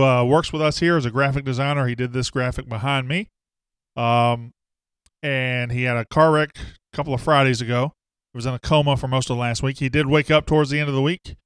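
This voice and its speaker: A man's voice: medium pitch, clear, resonant tone, no room sound. A man hosting a casual live sports talk show, rambling and self-deprecating as he greets viewers by name.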